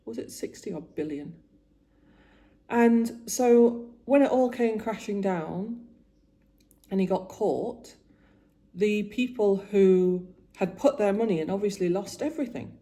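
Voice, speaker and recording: A woman's voice: medium pitch, unhurried, warm tone. A woman in her forties chatting casually about her week while doing her make-up, getting emotional and often trailing off and restarting. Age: 40s. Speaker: vlogger.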